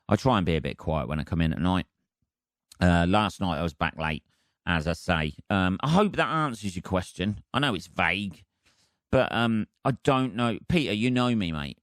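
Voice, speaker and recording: A man hosting his own podcast as a comedian, rambling through a casual solo monologue in a deadpan, heavily sweary way. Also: low voice, normal speed, no room sound, clean studio sound.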